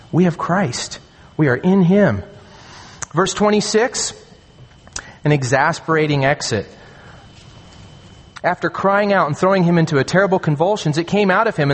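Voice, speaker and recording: A man preaching a sermon as a pastor, earnest and emphatic, slowing down to stress key phrases. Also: on the high side. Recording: long hall reverb.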